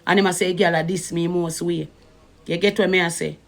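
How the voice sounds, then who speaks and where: A woman's voice: fairly low pitch, fairly even intonation, fairly quick, gravelly. Middle-aged Jamaican woman streamer, casual emphatic rant. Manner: emphatic, repeats "you understand" often. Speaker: social media streamer.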